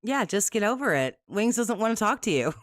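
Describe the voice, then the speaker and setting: A woman co-hosting a stream, casually chatting and gently pushing back on the host. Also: medium pitch, brisk, no room sound, clean studio sound. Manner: calm, gently contrarian, reads out chat messages. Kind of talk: casual reaction chat.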